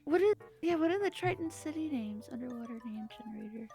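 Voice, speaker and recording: Higher, gravelly woman player, casual and joking. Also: expressive, music in the background. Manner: casual, joking, quick reactions. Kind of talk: casual tabletop play.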